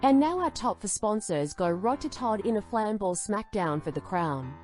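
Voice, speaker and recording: A woman's voice: mid-range voice, animated, normal speed, darkish tone, soft background music. A woman hosting a comedy podcast, announcing a mock award with theatrical, cheeky delivery. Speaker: podcast host.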